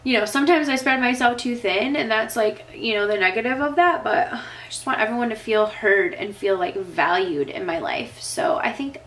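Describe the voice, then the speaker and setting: A woman's voice: a little high, animated, moderate pace, fairly bright tone, rough recording. Young woman vlogger, casual Q&A, emotional and teary, rambling with lots of "like". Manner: emotional, tearing up, filler-heavy. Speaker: vlogger answering viewer questions. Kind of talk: casual chat.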